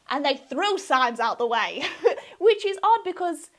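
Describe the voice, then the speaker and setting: Young woman vlogger, high voice, giggly and gushing, casual chat. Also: animated, normal speed. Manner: giggly, gushing, self-deprecating. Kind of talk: casual chatty explainer.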